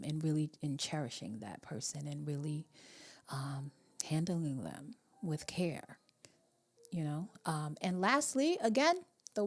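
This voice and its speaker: A woman with a lowish voice hosts a live relationship-coaching show in the style of casual live-stream talk. She speaks reflectively and meanders, using many fillers and at times dropping into a soft, half-whispered delivery.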